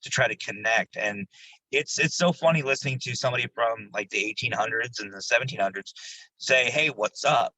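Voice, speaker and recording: A man who investigates the paranormal, a guest on an interview show, telling his stories in a casual, animated way. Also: medium pitch, fairly quick, no room sound, poor audio. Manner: animated, jumps into quoted voices, laughs while telling stories.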